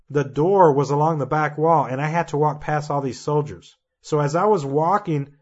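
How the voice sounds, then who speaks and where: A man's voice: on the high side, dull audio. A man, perhaps in his thirties, preaching a sermon and recounting prophetic dreams in an earnest manner that grows fervent and emphatic. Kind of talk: impassioned prophetic monologue.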